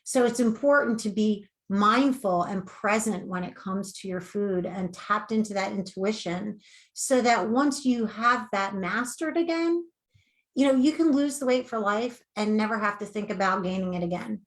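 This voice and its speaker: A woman coach giving earnest, animated advice in a conversational interview. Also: mid-range voice, moderate pace. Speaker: weight-loss coach.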